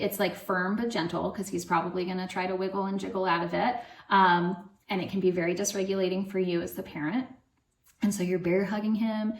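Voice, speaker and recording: Gentle mother talking in an echoey room. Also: mid-range voice. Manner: gentle and conversational, frequent fillers and soft laughs. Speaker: parenting channel host. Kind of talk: casual talk answering viewer questions.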